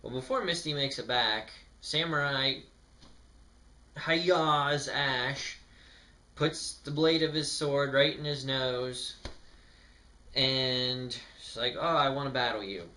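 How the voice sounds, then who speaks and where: A man's voice: medium pitch, fairly even intonation, slow pace, pauses often, bright, forceful tone. A young man casually reviewing a cartoon episode, rambling and sarcastic, with lots of filler words. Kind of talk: casual commentary.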